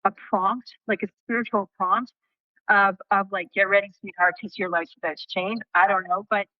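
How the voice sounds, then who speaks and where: As an interview guest, a woman tells a personal story with animation, acting out what people said and swearing casually. Her mid-range voice moves at normal speed, with no room sound and phone-quality audio.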